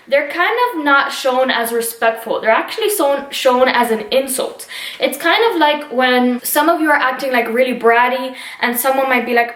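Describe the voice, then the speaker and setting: A woman's voice: on the high side, normal speed, fairly bright tone, echoey room, low-quality recording. A woman teacher casually explaining a play to her students, checking in with them often. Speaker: English teacher.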